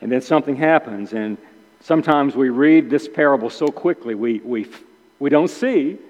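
A man preaching a sermon in an animated way, acting out the characters' complaints with sudden emphatic outbursts. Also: medium pitch. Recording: dull sound with long hall reverb.

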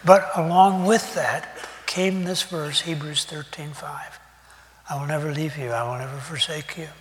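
A man's voice: fairly high pitch, fairly even intonation. Older man preaching in a reverberant hall. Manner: conversational, folksy, with pauses and fillers. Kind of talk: sermon.

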